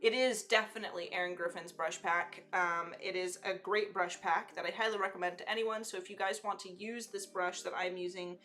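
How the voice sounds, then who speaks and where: A woman's voice: fairly low pitch, fairly even intonation, a little fast, few pauses, sharp tone. A woman hosting a casual live digital-painting demo, chatty and self-teasing, with frequent fillers and asides. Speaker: digital artist and livestream host.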